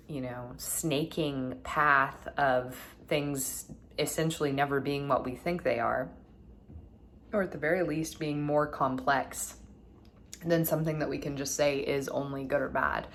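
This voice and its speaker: Woman vlogger, low voice, earnest and musing, faint noise in the room. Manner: earnest, musing, many fillers like "like". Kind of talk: reflective personal talk to camera.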